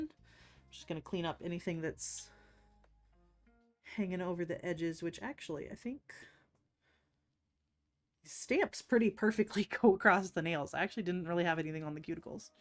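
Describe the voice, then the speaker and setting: A woman chatting casually on a live stream while doing nail art, laughing often and teasing herself. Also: medium pitch.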